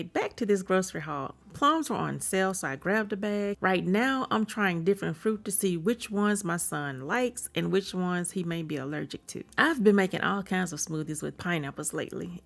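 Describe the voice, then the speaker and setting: A woman's voice: lowish voice, gravelly. A woman, a mother narrating a casual voice-over and chatting directly to her viewers. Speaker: vlogger, mother of three.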